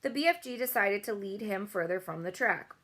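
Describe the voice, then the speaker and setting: A woman reading a children's book aloud in a clear, expressive storytelling manner. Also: medium pitch, a little fast. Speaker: reader.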